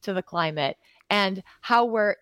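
A woman's voice: mid-range voice, measured pace, a bit bright, smooth, dry recording. A middle-aged woman from Wisconsin, a political candidate chatting on a radio show, upbeat and proud. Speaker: guest, congressional candidate. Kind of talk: casual radio interview chat.

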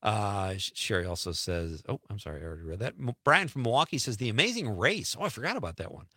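A man's voice: fairly low pitch, sing-song, fast talker, pushed and bright, dry recording, clean studio sound. Chatty man hosting a radio show. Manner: chatty, laughs easily, drifts between lines. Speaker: radio host. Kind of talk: casual chat reading listener texts.

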